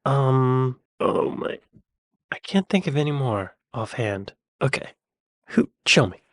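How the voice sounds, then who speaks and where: A man chats casually through a reaction video, thinking out loud and throwing in playful asides. His voice sits at a middle pitch. The recording is dry and close, with no room sound. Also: expressive, slow pace, no room sound. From American. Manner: chatty, musing aloud, playful asides. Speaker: reaction channel host.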